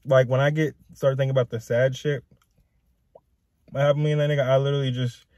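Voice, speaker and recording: A man's voice: medium pitch, little pitch movement, brisk, darkish tone, dry recording, dull audio. A young man venting to camera in a raw, profane, rambling rant that goes in circles. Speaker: vlogger. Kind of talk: emotional personal rant to camera.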